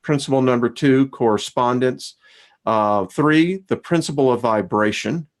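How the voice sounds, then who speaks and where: A man's voice: mid-range voice, measured pace. A man hosting a casual spiritual discussion, laughing often and reading out a list of principles. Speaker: host.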